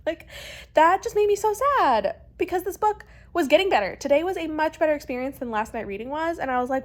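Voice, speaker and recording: A young woman talking casually in a book vlog, her voice sitting a little high. She sounds animated and exasperated and leans on "like" a lot. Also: brisk. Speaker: book vlogger.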